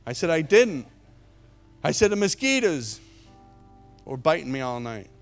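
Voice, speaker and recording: A middle-aged man preaching a sermon as an evangelist, telling a story with lots of repeated words, jumping from loud to hushed. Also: on the high side, big pitch swings, unhurried, faint music behind. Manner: repeats words and restarts often.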